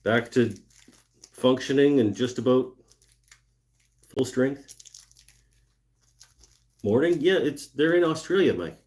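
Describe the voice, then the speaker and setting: Unhurried man chatting from his workshop. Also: medium pitch. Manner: relaxed, thinking aloud, muttering while working. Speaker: woodturning livestream host. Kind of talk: casual live-stream chat reading viewer comments.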